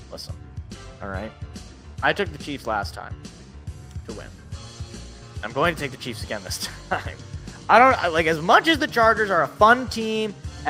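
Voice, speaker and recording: A man hosting a casual sports talk show, rambling and correcting himself, his voice worn out from yelling. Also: fairly high pitch. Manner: rambling, self-correcting, laughs at own jokes. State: voice feels worn out. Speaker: sports podcast host.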